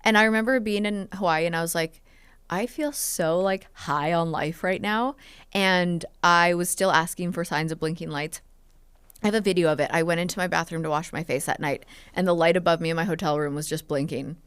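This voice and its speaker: A woman's voice: fairly low pitch, fairly even intonation, fast, a bit bright, clear, resonant tone, no room sound. A woman in her thirties, a podcast guest, chatting openly and telling personal stories with many "like"s and "um"s. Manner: open, storytelling, lots of "like" and "um". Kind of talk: casual podcast chat.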